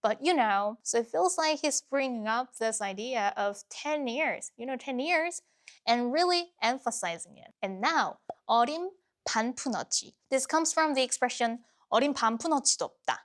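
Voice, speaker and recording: A woman teaching Korean, explaining grammar and idioms clearly and patiently in a lesson-style narration. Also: on the high side, expressive, fast.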